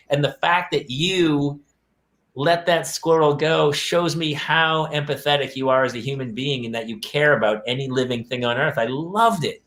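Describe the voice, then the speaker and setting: Storytelling dad with a roomy echo. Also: male voice, fairly high pitch, normal speed. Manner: animated storyteller, acts out his kids' voices. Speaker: podcast co-host. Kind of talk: casual chat.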